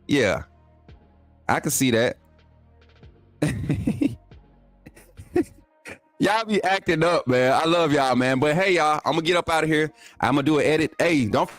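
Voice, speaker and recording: A man hosting a casual livestream, talking loosely with his viewers and jumping up in pitch when he gets excited. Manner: laid-back, talks to chat as "man" and "y'all", pitch jumps up when excited. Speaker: livestream host. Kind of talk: casual livestream chat reading viewer comments.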